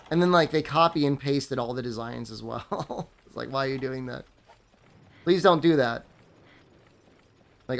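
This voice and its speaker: Gravelly and mid-range, this man's voice drifts through casual gaming-stream chat. He sounds tired and sleepy, rambling loosely and leaning on filler like "like" and "I mean."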